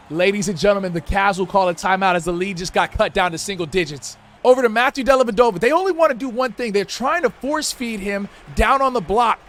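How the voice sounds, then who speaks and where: A man narrating his own basketball video game like a sportscaster, loud and slangy, shouting at big plays. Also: high voice. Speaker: gaming YouTuber. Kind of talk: playful sportscaster-style play-by-play over a video game.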